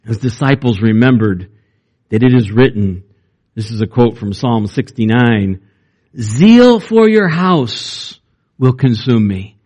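A man delivers a sermon conversationally, full of fillers and restarts, his pitch climbing whenever he reads or retells something. He sounds animated, with a slow pace and a darkish tone.

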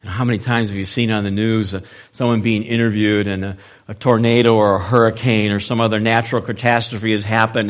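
A male preacher delivering a sermon, moving between loud, emphatic lines and soft, low-voiced passages. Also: level tone, brisk.

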